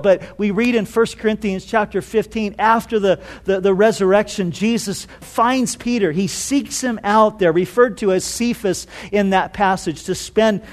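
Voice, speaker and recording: High-voiced male preacher. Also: normal speed, hardly any pauses. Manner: animated storytelling, rhetorical questions. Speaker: pastor. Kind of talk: sermon.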